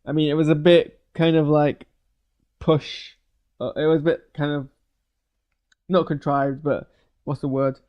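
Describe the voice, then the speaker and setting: A man's voice: a little high, little pitch movement, unhurried, pauses often, highs cut off. A man giving a rambling, casual live reaction to a show's finale, full of fillers and restarts. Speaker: show reviewer.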